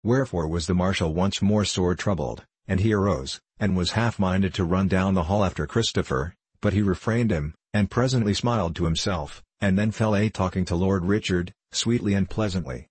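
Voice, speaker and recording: A man narrating an old-fashioned tale aloud in a measured, formal storytelling manner. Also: sits low, breathy edge, no room sound. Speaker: audiobook narrator. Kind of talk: scripted narration of an archaic tale.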